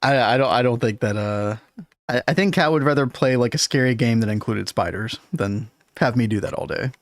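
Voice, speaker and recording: A man's voice: medium pitch, brisk, no room sound. Laid-back male game streamer, dry sound. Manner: laid-back, chuckling, thinking aloud. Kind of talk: casual game stream chat.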